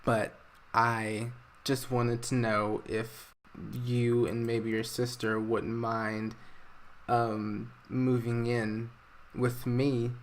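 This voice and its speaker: A remorseful middle-aged father, as a narrator puts him on, pleading haltingly and tripping over his words. He talks in a mid-range voice and keeps restarting his sentences in a narrated game story. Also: medium pitch, little pitch movement, a little hiss or hum. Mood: hesitant.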